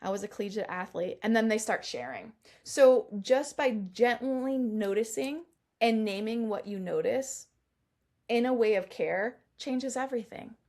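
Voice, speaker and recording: A middle-aged woman performance coach chatting as an interview guest, animated, laughing often and acting out the lines she quotes. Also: fairly high pitch, measured pace. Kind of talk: casual interview chat.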